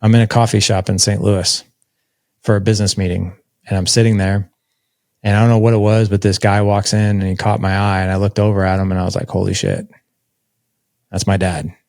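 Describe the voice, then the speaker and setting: A man's voice: on the low side, flat delivery, brisk, darkish tone, no room sound, studio quality. A man in his forties telling a personal story as a podcast guest, candid and conversational, with lots of filler words. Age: 40s.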